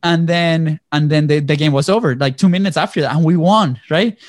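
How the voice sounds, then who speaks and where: A man from Venezuela telling a personal story in conversation, animated and lively, often checking in with "right?" and acting out what people said. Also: fairly high pitch, fairly quick. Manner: animated storyteller, acts out quotes, frequent "right?". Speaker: guest.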